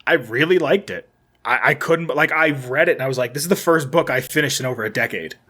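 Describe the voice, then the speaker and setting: A man's voice: medium pitch, quick pace, pushed and bright. A young man co-hosting a podcast in casual chat, rambling and swearing loosely, often trailing off and restarting. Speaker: podcast co-host.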